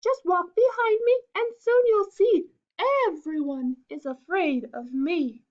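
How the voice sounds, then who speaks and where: A woman voicing a boastful, clever little male mouse in a high, bright storybook voice. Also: slow. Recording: dull lo-fi recording.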